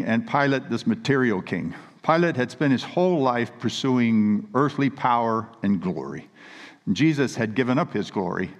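Preacher in a reverberant hall. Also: male voice, medium pitch. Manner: earnest, emphatic storytelling with read scripture quotes. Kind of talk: sermon. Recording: long reverb of a large hall.

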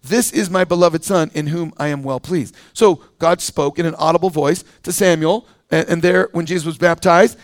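A man with a fairly high voice delivers a sermon. He talks in a relaxed, conversational way, full of fillers and restarts. The sound is dry and close. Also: normal speed, hardly any pauses, no echo. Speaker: pastor.

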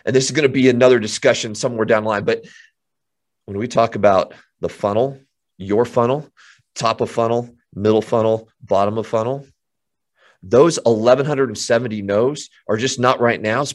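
A man coaching real estate agents in an energetic motivational talk, emphatic and often repeating himself. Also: mid-range voice, normal speed.

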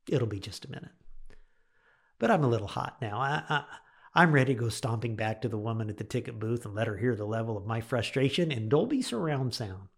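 A man's voice: mid-range voice, creaky, slightly rough. A middle-aged man, a pastor, telling a personal story in a radio devotional and acting out his own thoughts.

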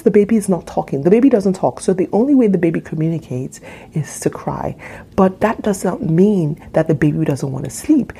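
Woman, podcast host, solo talk, earnest, repeats phrases, husky, mellow tone. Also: on the low side. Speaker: podcast host and parenting coach.

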